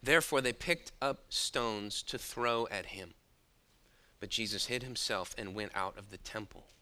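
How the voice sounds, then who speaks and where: A man's voice: fairly low pitch, a little slow, bright, forceful tone. A man preaching a sermon, emphatic and drawing out his key words.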